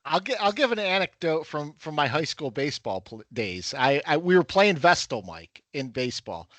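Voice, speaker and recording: A man telling lively anecdotes on a casual sports podcast, bursting into loud mimicry of his coaches. His voice is high and bright, recorded dry and close. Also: moderate pace, no echo. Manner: animated anecdote teller, acts out shouting coaches. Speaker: podcast co-host. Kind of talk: casual chat.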